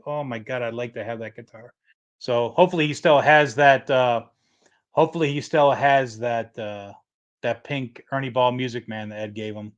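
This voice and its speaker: A man's voice: medium pitch, fairly bright tone. Rambling middle-aged man, lo-fi stream. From Michigan. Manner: rambling storyteller, reads chat comments aloud. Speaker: livestream host. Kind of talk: casual livestream chat.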